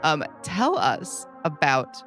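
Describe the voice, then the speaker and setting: A woman's voice: deep voice, sing-song, takes it slowly, fairly bright tone, soft background music. A woman co-hosting a charity stream, giggly and hesitant with many ums, reading donations and interviewing a guest. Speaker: stream co-host. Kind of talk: casual live-stream hosting.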